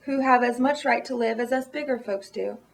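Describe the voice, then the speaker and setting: A man's voice: very high-pitched, fairly quick, gravelly. A woman reading the part of a kind, loyal male elephant, speaking earnestly and pleadingly.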